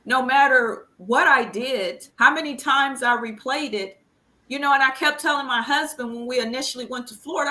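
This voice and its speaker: Middle-aged woman, grieving mother, bright tense voice, slightly high, halting earnest speech. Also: poor audio. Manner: earnest, halting, repeats words when upset. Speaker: guest, mother of the deceased. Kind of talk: emotional conversational interview.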